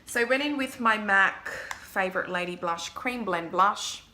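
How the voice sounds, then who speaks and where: A woman's voice: mid-range voice, unhurried, sharp tone, a little hiss or hum. A young woman, a makeup artist, chatting to viewers through a makeup tutorial vlog in a self-mocking way.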